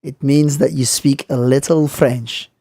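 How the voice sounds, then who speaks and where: Male language teacher, mellow and dry, clear slow delivery for learners. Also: mid-range voice, fairly even intonation, no room sound. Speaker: French teacher. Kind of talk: scripted lesson narration.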